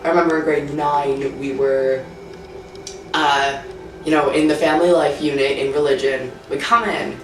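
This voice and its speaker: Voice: medium pitch, fairly even intonation, moderate pace, slight background noise. A teenager speaking frankly in a casual interview, full of "like" fillers. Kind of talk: candid personal interview. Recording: roomy sound from a distant mic, faint music.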